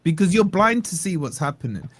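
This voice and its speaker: A man's voice: sits high, very animated, brisk, husky. A man on a football panel, arguing insistently and brushing off the other side. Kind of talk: heated football debate.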